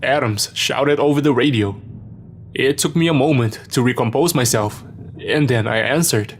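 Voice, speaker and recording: A man narrating a first-person horror story in a steady, measured way, in a scripted storytelling style. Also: medium pitch, slight background noise.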